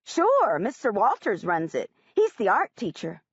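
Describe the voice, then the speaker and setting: A woman's voice: medium pitch, huge pitch swings, measured pace, husky, no echo, dull audio, full character voice. A woman narrator voicing a friendly, upbeat young teen schoolgirl who talks eagerly.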